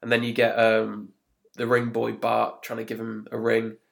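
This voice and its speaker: A man's voice: mid-range voice, completely flat delivery, moderate pace, gravelly. A man hosts a casual podcast, talking through an episode scene by scene. He keeps a loose, chatty flow. He laughs often and slips into quoted lines. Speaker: podcast host. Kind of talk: casual chat recapping an episode.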